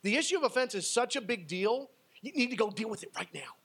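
A man preaching a sermon, swinging between loud emphasis and hushed asides, and acting out the people he quotes. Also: high voice, animated, fast talker, slightly rough. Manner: acts out quoted speakers in a raised voice. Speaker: pastor.

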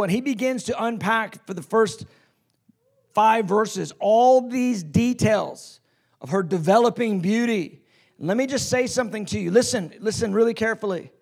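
A male preacher delivers a passionate sermon. His voice sits high and has a gravelly edge, and he swings between loud declarations and soft, hushed stretches. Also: normal speed.

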